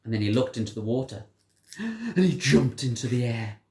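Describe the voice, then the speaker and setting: A storyteller reading a picture book aloud to a child, with a pitch that rises and falls in a lively, sing-song way. The voice sits in a middle register, and the room gives it a roomy echo. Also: moderate pace. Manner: animated, sing-song telling.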